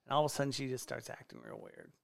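A man, a stand-up comedian, telling a rambling profane story on a casual podcast with excitable energy. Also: mid-range voice, very fast. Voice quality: gravelly, excitable, swears freely.

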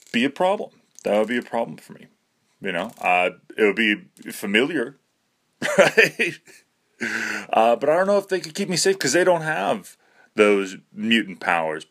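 A man's voice: mid-range voice, expressive, normal speed, pauses often, fairly bright tone. A young man rambling to camera in a self-mocking way, swearing casually and breaking into nervous laughter. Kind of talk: rambling monologue.

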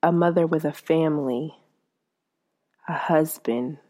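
A woman's voice: sits low, measured pace, mellow. A woman hosting her own podcast, speaking in an earnest, heartfelt monologue. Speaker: podcast host.

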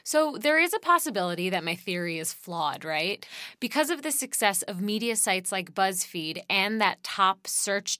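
A woman's voice: fairly low pitch, sharp tone, no room sound, studio quality. A young woman hosting a podcast, thinking aloud in a rambling, conversational monologue with lots of fillers and the odd swear word. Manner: profane. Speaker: podcast host. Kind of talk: casual solo podcast monologue.

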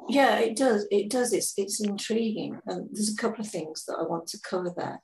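A woman's voice: mid-range voice, moderate pace, darkish tone. A woman hosting an interview, listening closely and giving short affirmations. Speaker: podcast host. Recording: roomy echo.

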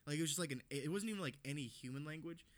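A man's voice: on the high side, racing. A young man co-hosting a podcast, rambling and swearing with lots of laughs in casual chat. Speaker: podcast co-host.

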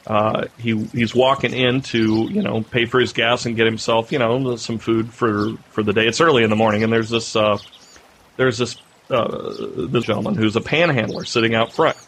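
A man co-hosting a podcast, telling a long anecdote in casual chat and getting animated as the story builds. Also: normal speed, a little hiss or hum. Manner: animated storyteller, rising pitch when excited. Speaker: podcast co-host.

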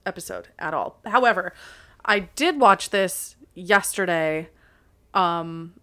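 A woman's voice: on the low side, animated, takes it slowly, bright, forceful tone. A woman in her twenties, chatty and laughing easily as she shares her take in a casual podcast chat. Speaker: podcast co-host.

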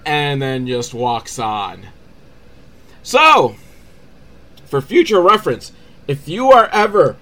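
A man of average pitch talks through a cheap movie scene by scene. He rambles and sounds sarcastic, and he drops into quick acted-out lines for the characters. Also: a bit bright. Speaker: movie riffing host. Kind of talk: comedic movie recap.

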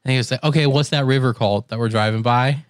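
A young man telling a story in casual chat, animated, laughing and mimicking other voices. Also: mid-range voice, fast, clean tone, no room sound, clean studio sound.

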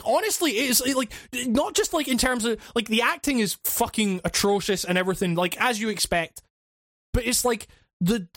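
High-voiced man, rambling and profane. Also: fairly bright tone, no echo, clean studio sound. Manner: rambling, profane, many restarts and fillers. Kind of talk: casual chat.

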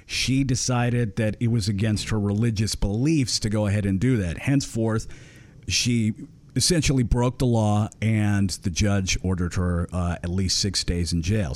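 A man's voice: fairly low pitch, measured pace, darkish tone. A man co-hosting a podcast, crude and joking in casual banter. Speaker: podcast co-host.

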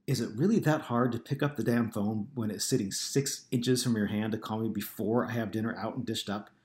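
A man's voice: lowish voice, a little fast, a little mellow, reverberant, close to an everyday voice. A man reading an audiobook, voicing an upset wife who pleads and accuses with a rising voice. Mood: exasperated. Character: upset tearful wife, woman, exasperated. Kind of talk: audiobook character voice.

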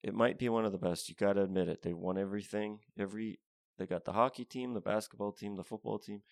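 A man's voice: lowish voice, steady tone, quick pace, gravelly, no echo, clean studio sound. A man ranting in a profane comedy monologue, rambling and often restarting his sentences.

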